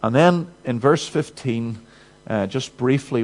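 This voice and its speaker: A man preaching a sermon in an earnest, emphatic manner, rising to urgency and dropping to quiet. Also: medium pitch, slow, poor audio.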